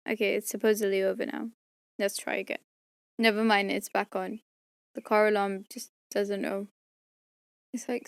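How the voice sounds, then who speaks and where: Her voice sits in the mid range and sounds creaky, captured in a dry recording. In a room at home, a weary audiobook narrator mutters to herself between takes of her outtakes, drifting from topic to topic and joking at her own expense.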